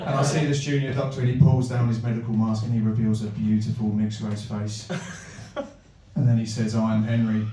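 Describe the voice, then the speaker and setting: A man performing stand-up comedy, telling a long absurd story with deadpan build-ups and loud punchlines. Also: on the low side, brisk, recorded from a distance, slight background noise. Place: comedy venue with live audience. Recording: echoey room miked from afar.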